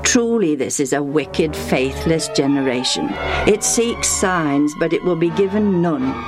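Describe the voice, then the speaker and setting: A woman's voice: sits low, expressive, unhurried, loud music behind the voice. A woman voicing a solemn teacher firmly rebuking a crowd, in a storybook reading.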